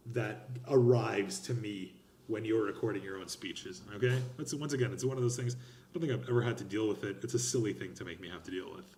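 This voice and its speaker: Male speech instructor, mid pitch, emphatic and expressive, recorded in a roomy space. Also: slight background noise. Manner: emphatic and expressive, lively gestures. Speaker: college instructor. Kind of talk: recorded lecture on speech grading.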